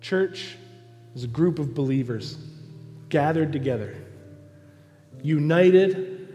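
A man preaches a sermon from the pulpit at an unhurried pace. His voice is mellow and dark. It rings with long reverb in a large hall, with faint instrumental music underneath. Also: fairly high pitch, lively intonation. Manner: acts out pleading prayers in a raised voice, then answers softly. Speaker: pastor. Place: church sanctuary.

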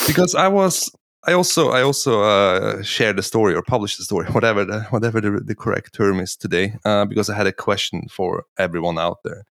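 A man's voice: lowish voice, a little fast, creaky, hardly any pauses, fairly bright tone, no echo, studio quality. A man chatting casually as podcast co-host, searching for words as he talks. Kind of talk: casual chat.

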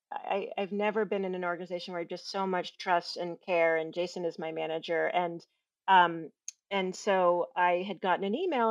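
Animated woman telling workplace stories. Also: mid-range voice, no room sound, highs cut off. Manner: animated storyteller, acts out quoted voices, laughs often. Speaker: guest, workplace feedback trainer. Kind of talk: casual podcast conversation.

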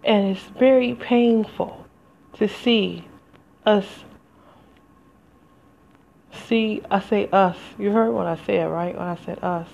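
A woman's voice: medium pitch, fairly even intonation, slow pace, creaky, pauses often, a little mellow. A woman speaking in a heartfelt, rambling solo podcast monologue straight to her listeners. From United States. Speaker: podcast host. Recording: slightly dull lo-fi home recording.

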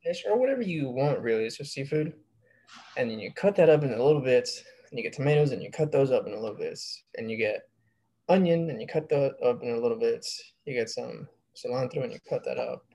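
Casual podcast co-host, husky male voice, rambling and slangy. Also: medium pitch, expressive, brisk, mellow. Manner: rambling, laid-back, slangy. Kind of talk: casual chat.

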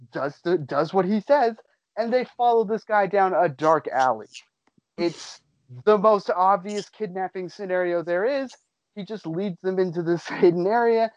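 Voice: medium pitch, darkish tone, no room sound. A podcast host giving a casual comedic recap of a show, incredulous and sarcastic, swearing freely. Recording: dull lo-fi recording.

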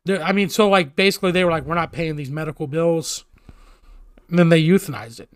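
A man's voice: a little high, brisk, no echo, clean studio sound. A man casually telling a story on a podcast, swearing often and acting out what people said. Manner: profane, animated storytelling.

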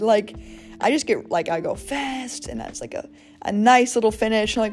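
A woman's voice: medium pitch, animated, fairly quick, a little mellow, faint music behind. A young adult woman hosting a casual solo podcast, rambling with lots of fillers and acting out her own quoted thoughts. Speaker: podcast host.

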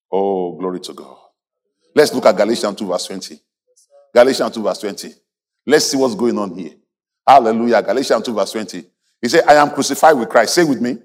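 Animated preacher man, lively pitch. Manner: animated preaching, mimics congregants, leads call-and-response. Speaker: pastor. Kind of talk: sermon.

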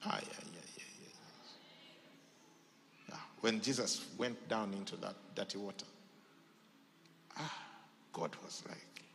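A male pastor preaching a sermon, swinging between loud shouts and near whispers. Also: lowish voice, a little slow, creaky, long pauses, big-room sound, slight background noise.

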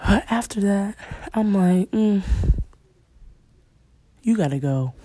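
A woman's voice: on the low side, lively intonation, unhurried, long pauses, dark tone, no room sound. A young woman casually telling a personal story, slangy and blunt, often dropping to a whisper. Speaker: storyteller vlogger.

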